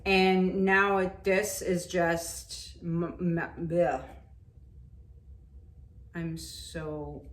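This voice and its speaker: Slow-talking woman narrating her painting. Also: fairly low pitch, level tone. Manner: self-talk, frustrated and chatty, trailing off. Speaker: acrylic pour painting vlogger. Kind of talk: casual talk while painting. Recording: roomy echo, faint ambient noise.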